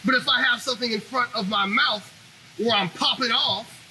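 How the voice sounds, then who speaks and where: Very high-voiced, piercing male ranter. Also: normal speed, a little hiss or hum, poor audio. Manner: animated, profane, ranting. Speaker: commentary show host. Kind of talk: opinionated monologue.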